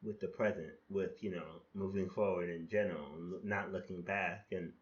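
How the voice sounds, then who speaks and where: A man with a lowish voice, talking through his own old writing in a loose, self-critical monologue. He restarts his sentences often and swears casually. The sound is a little dull and lo-fi. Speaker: podcast host reflecting on his own poems.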